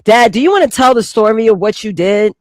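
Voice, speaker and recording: High-voiced teasing young man, dry sound. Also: expressive, fairly quick, dry recording. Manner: teasing, laughs often. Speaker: panelist on a live show. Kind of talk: casual chat.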